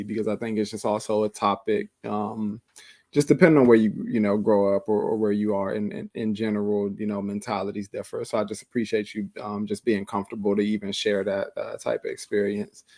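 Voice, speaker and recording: A man hosting a podcast, asking questions in a measured, thoughtful way with many pauses and fillers. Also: on the low side, fairly even intonation, darkish tone, no echo. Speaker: podcast host. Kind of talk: casual interview.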